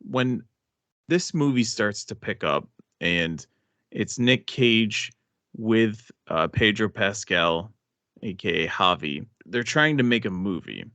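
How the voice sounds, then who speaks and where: Dude cohosting a movie podcast, lowish voice, dry audio, rambles n thinks out loud. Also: male voice, lively intonation, takes it slowly, no room sound. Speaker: podcast co-host. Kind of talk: casual movie review chat.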